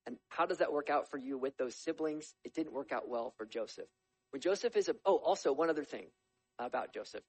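Man preaching, tells the story lively with jokes on the side; slightly high voice, dry recording. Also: brisk, husky, no echo, rough recording. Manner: lively storytelling with humorous asides. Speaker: pastor. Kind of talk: sermon.

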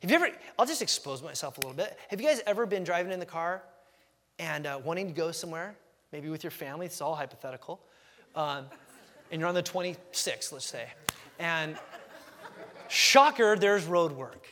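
A man preaching a sermon as pastor, lively and acting out quoted thoughts with big jumps in voice. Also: a little fast, big-room sound, slight background noise. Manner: animated, acts out quotes with big pitch jumps.

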